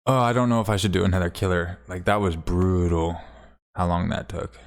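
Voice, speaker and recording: A man's voice: low-pitched, steady tone, brisk. A man chatting casually on a livestream while he plays, rambling, swearing now and then and thanking viewers. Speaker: game streamer.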